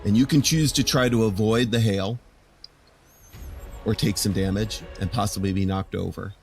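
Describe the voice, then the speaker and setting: A man narrating a tabletop game as game master, slow and measured, with many fillers. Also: lowish voice, steady tone, creaky.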